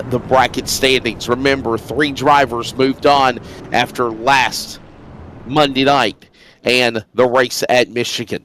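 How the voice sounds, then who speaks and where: A man's voice: medium pitch, a little hiss or hum. A man calling a sim race as play-by-play commentator, sounding stuffy while recovering from illness. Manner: energetic, builds to loud race-start calls.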